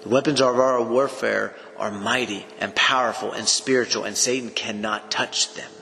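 Male pastor, mid pitch, earnest conversational sermon delivery, long reverb of a large hall. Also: steady tone, moderate pace, gravelly, sharp tone. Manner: earnest, conversational preaching with frequent restarts. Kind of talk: sermon teaching. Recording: long echoing reverb with faint room noise.

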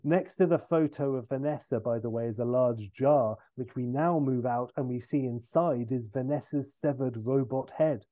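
Man pitching a comedy caper, mellow voice. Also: normal speed, hardly any pauses. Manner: rambling, with fillers and self-corrections. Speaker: podcast host pitching a film idea. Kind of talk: comic storytelling pitch.

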